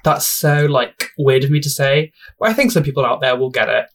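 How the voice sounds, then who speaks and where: Young guy rambling on his own podcast, giggly and self-mocking, middle pitched voice. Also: lively intonation, fairly quick, fairly bright tone. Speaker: podcast host. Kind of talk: casual solo podcast chat. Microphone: home podcast mic.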